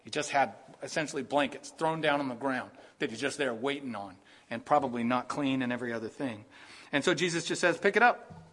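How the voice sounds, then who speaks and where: A man preaching a sermon, animated and acting out the lines he quotes. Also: mid-range voice, a little fast. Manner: animated, acts out quoted voices, rising to bursts of emphasis. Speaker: pastor.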